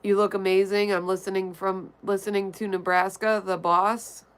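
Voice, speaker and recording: A woman's voice: mid-range voice, flat delivery, normal speed, smooth. A woman streamer reading her chat aloud and answering it bluntly and offhandedly, vaping between remarks. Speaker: livestreamer. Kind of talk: casual chat reading viewer comments.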